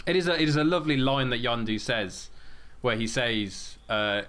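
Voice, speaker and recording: A man's voice: mid-range voice, expressive, normal speed, fairly bright tone. A man hosting a casual podcast discussion, talking with enthusiasm and often restarting his sentences. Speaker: podcast host leading the discussion.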